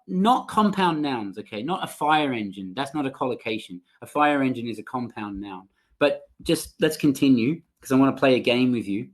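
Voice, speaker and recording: A man running a live online training session for language teachers, reading out and reacting to chat answers in an upbeat way over a computer mic. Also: mid-range voice.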